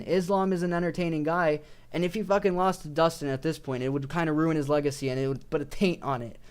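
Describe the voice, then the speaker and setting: A young man talking casually into a desk mic as an MMA YouTuber, swearing freely, restarting sentences and often saying "but listen". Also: a little high. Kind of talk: casual rambling commentary. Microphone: desk microphone.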